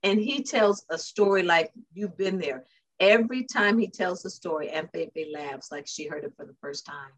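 A married woman in casual chat, telling animated family stories and laughing often. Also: lowish voice, normal speed.

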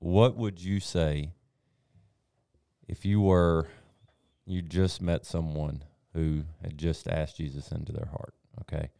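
A man's voice: deep voice, steady tone, slow, creaky, mellow, no echo, clean studio sound. A man co-hosting a casual conversation, asking long, laid-back questions.

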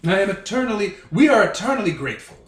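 A man's voice: sits high, big pitch swings, fast, pitched above the performer's own voice. A man voicing a snooty, pompous ancient robot shuttle in a fake British accent, with grand formal phrasing. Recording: roomy recording, faint music.

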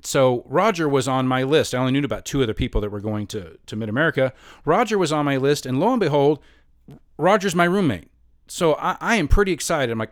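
A man's voice: mid-range voice, sing-song, fast, dry recording, clean studio sound. A man in his fifties telling a long personal story in a rambling, self-mocking way, often laughing as he talks.

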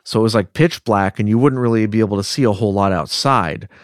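A man co-hosting a podcast, telling a story in a relaxed, chatty way with joking asides. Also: fairly low pitch, fast, no room sound, studio quality. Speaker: podcast co-host. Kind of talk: casual storytelling narration.

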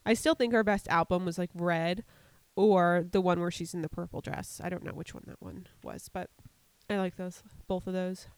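A woman's voice: on the low side, steady tone, normal speed, hardly any pauses, clear, resonant tone, dry recording. A young woman from the United States co-hosting a podcast, chatting casually with a blunt, profane, joking manner. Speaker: podcast co-host. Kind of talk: casual chat.

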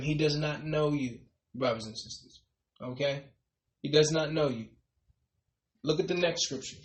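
Emphatic preacher with a high, ringing voice. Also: male voice, moderate pace, long pauses, reverberant. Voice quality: repeats "brothers and sisters" with a dropping, quiet tail. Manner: emphatic, rising on key points then trailing off softly. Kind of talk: sermon.

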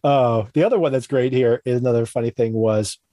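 A man's voice: medium pitch, a little fast, mellow. A man hosting a podcast, chatting casually and animatedly, often laughing and acting out lines. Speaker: podcast host. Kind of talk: casual chat.

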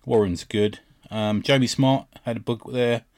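A man's voice: medium pitch, steady tone, measured pace, darkish tone, dry recording, clean studio sound. A man, co-hosting a casual podcast chat, who laughs often while retelling comic scenes. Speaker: podcast co-host.

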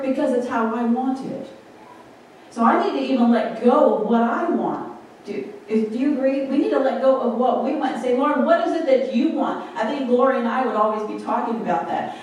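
A woman giving an informal sermon in a conversational way, often asking her listeners questions. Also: fairly high pitch. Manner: conversational, asks the congregation questions. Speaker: preacher. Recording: very echoey hall, distant mic, faint room noise.

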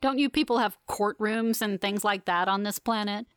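A woman's voice: mid-range voice, moderate pace, smooth, dry recording, natural voice. A woman reading an icy, imperious corporate woman. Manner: imperious, sneering, dry.

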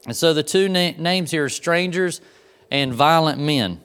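A man's voice: a little high, normal speed, a bit bright, smooth. A man preaching a sermon in a conversational way, talking straight to the congregation and making asides to them. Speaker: pastor.

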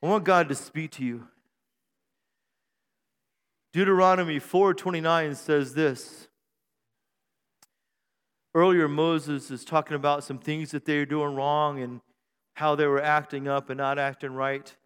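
High-voiced pastor preaching in a reverberant church. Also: male voice, fairly even intonation, measured pace, pauses often, smooth. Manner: joking and self-deprecating, rising to shouted praise. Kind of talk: sermon. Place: church sanctuary. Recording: long hall reverb in a church.

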